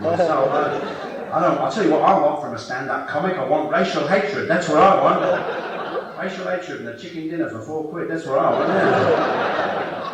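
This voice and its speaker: A brash, shouty stand-up comic, his pitch leaping all over as he mocks the crowd. He is caught from far off on a hissy 1991 cassette. The hall behind him rings with a heavy echo. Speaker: stand-up comedian. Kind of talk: live stand-up comedy. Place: theatre stage with audience. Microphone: cassette recorder in the audience. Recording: distant, noisy 1991 cassette recording.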